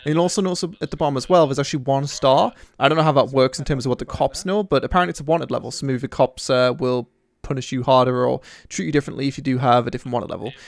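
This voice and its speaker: A man's voice: mid-range voice, steady tone, rapid-fire, gravelly, hardly any pauses, dry recording. A man hosting gameplay commentary with friends, joking and rambling through explanations. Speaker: gaming channel host.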